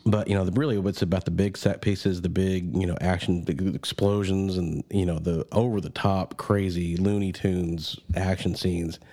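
A man hosts a casual film podcast in an easygoing, rambling way. His voice sits low and sounds warm and dark. He drifts through thoughts with plenty of fillers. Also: fairly even intonation, normal speed, few pauses. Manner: laid-back, rambling with fillers. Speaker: podcast host. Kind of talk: casual movie podcast chat.

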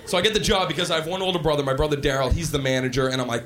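A man doing stand-up comedy, telling stories in an animated way and acting out characters. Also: on the high side, very fast, hardly any pauses. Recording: live stand-up with roaring crowd and noise.

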